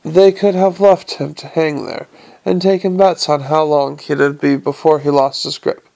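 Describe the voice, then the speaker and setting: A man reading a novel aloud with lively, slightly stumbling narration. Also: a little high, a little slow, vocal fry. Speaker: audiobook narrator.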